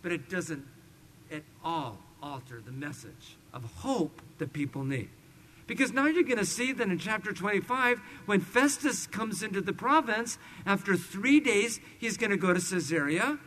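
A middle-aged man preaching a sermon to his congregation. He tells a story with animation, swinging between loud emphasis and hushed asides. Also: high-pitched, animated, normal speed, a little hiss or hum, poor audio. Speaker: pastor. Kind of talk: expository sermon with personal stories.

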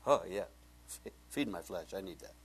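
A man's voice: low-pitched, lively intonation, unhurried, breathy edge. Man preaching a conversational sermon. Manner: conversational storytelling, swings from hushed to loud. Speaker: pastor.

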